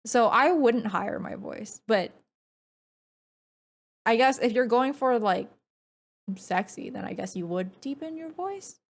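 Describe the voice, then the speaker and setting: A woman streamer giving casual gameplay commentary, rambling and chatty in a naturally low, relaxed voice. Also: unhurried, gravelly, long pauses. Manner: rambling, filler-heavy, chatty.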